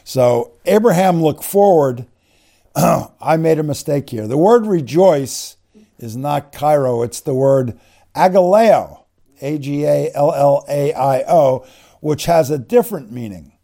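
A slightly high, dark-toned male voice with lively intonation carries a conversational sermon on the bible. The preacher often drops "you know" between phrases, restarts and uses fillers a lot, and spells out Greek words slowly as he explains them.

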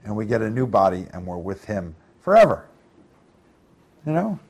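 A fairly low, creaky voice with a darkish tone and a breathy edge belongs to a middle-aged preacher leading a Bible study. Very animated and at normal speed, he reads verses aloud, explains them conversationally, and questions his listeners.

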